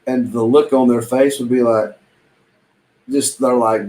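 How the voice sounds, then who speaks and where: A man's voice: mid-range voice, steady tone, unhurried, dark tone, rough recording. A man chatting casually on a live stream about reselling, rambling in a folksy way with lots of ums and restarts. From Southern United States.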